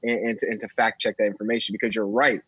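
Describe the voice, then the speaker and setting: A man co-hosting a podcast, steering the talk in a measured way and often repeating words as he starts. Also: lowish voice, level tone, a bit bright, slightly rough, dry recording. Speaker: podcast co-host. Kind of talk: podcast discussion. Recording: dry, dull sound.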